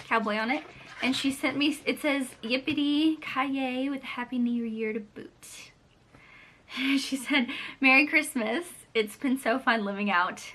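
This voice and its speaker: Casting: bright, slightly high-voiced woman, rambling casual vlog chat. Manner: chatty and rambling, many fillers. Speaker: book vlogger. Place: home library.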